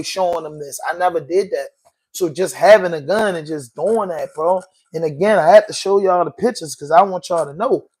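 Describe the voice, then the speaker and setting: A man hosting a podcast, talking in an emotional, slangy way, repeating himself and saying bro a lot. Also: high-pitched. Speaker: podcast host. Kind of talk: casual commentary monologue.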